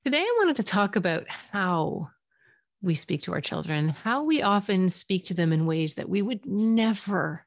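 A woman's voice: medium pitch, animated, normal speed, no room sound, clean studio sound. A woman therapist hosting a parenting podcast, talking earnestly and conversationally and sometimes acting out short quotes. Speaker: podcast host, child and family therapist. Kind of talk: solo parenting podcast talk.

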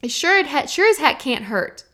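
A young woman from Texas talks through her solo podcast. She sounds chatty and earnest, speaking straight to her listeners in a voice that sits a little high. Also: sing-song, normal speed. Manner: warm, chatty and earnest, addressing listeners directly. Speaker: podcast host. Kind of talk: casual solo podcast talk.

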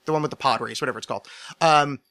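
A man on a casual podcast, rambling excitedly and swearing freely as he explains a fan theory. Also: mid-range voice, rapid-fire. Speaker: podcast co-host or guest.

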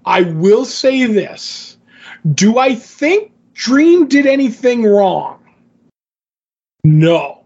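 A man's voice: very high-pitched, sing-song, very slow, gravelly, pauses often, a little mellow, slightly rough, lo-fi sound. A man co-hosting a podcast, chatting casually and enthusiastically about a comic, retelling scenes in his own words. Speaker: podcast co-host. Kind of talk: casual comic book discussion.

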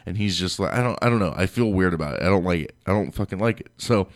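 A man's voice: low-pitched, quick pace, no echo, studio quality. A young man co-hosting a podcast, telling a workplace story in casual, profane chat and acting out what people said. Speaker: podcast co-host.

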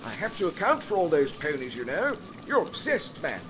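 A man's voice: on the high side, wildly swooping pitch, moderate pace, background noise. A man playing a pompous, easily offended polar expedition captain in a comic history sketch. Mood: exasperated. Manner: indignant, stiff-upper-lip bluster.

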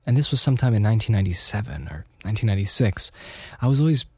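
Speaking very fast with big pitch swings, this host has a lowish, slightly mellow, husky voice. In a studio-quality recording with no room sound, the man from the United States and Austria wanders through a personal story on his podcast, restarting often and using lots of fillers.

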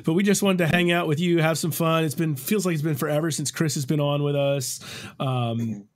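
A man co-hosting a podcast, talking in a relaxed, hesitant way with fillers. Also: a little high, fairly quick, slight background noise. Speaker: podcast co-host. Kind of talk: casual chat.

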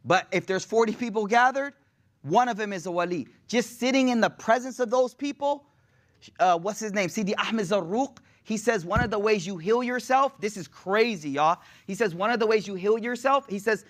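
A man's voice: sits high, lively intonation, brisk, a bit bright. A young adult man teaching a sermon in a casual, slang-filled way, building up to raised, passionate delivery. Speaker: religious teacher.

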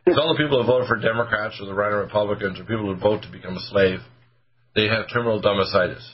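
A man's voice: fairly low pitch, fast talker. A man in his seventies hosting a talk radio show, rambling and joking. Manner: rambling, joking, hoarse-edged. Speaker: radio host, doctor. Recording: muffled radio audio, faint music.

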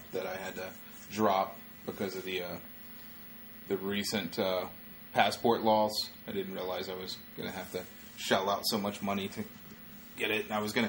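Low-voiced comedian, rambling casual chat. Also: male voice, fairly bright tone, a little hiss or hum. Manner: loose and rambling, with frequent filler words. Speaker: stand-up comedian, podcast co-host.

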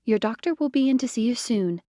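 A woman voicing a calm, no-nonsense nurse who is clearly in charge. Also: fairly high pitch, fairly quick, no echo, clean studio sound, pitched above the performer's own voice, close to an everyday voice. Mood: calm, firm. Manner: calm, authoritative. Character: firm, no-nonsense female nurse.

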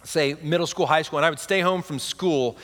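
A man's voice: a little high, a little fast, fairly bright tone, in a large hall. A man in his thirties preaching a sermon, with a conversational delivery full of "right?" asides. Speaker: pastor.

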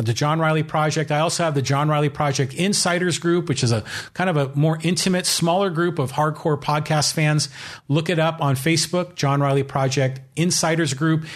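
A man hosting his own solo podcast, talking in an opinionated, rambling way with many fillers. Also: fairly high pitch. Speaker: podcast host.

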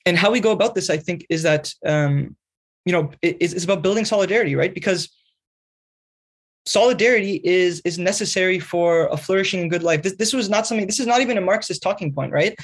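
This fast-talking guest, a magazine writer, has a high and slightly rough voice. He answers interview questions earnestly and at length, lecturing as he explains and constantly checking in with "right?".

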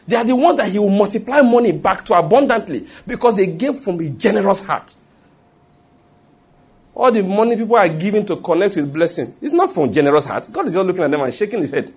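Husky-voiced Nigerian pastor preaching. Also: male voice, high voice, fast. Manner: animated storytelling preaching with acted quotes and pidgin asides. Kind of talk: sermon.

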